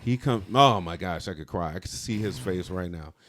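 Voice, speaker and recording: A man's voice: low voice, lively intonation, moderate pace, fairly bright tone, slight background noise. A man co-hosting a podcast, telling an emotional, confessional story from his past in casual talk. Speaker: podcast co-host.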